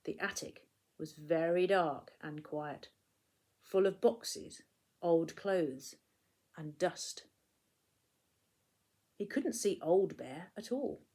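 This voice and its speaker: A woman, a primary school teacher, reading a picture book aloud to children in an expressive storytelling way, hushing for the quiet moments. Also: fairly low pitch, slow, pauses often, breathy edge.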